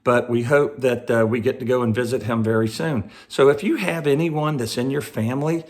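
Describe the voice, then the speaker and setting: A middle-aged man from Georgia talks to children in a chatty, friendly way. His voice sits at an ordinary mid pitch, and he keeps asking his young audience questions. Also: normal speed. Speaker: reader for schoolchildren. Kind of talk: casual talk to children.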